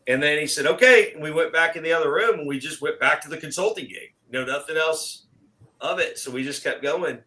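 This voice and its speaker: Middle-aged man, bright tone, animated storyteller who acts out the dialogue himself. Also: a little high, a little fast, poor audio. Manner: animated, acts out quoted exchanges. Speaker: guest. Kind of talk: casual storytelling chat.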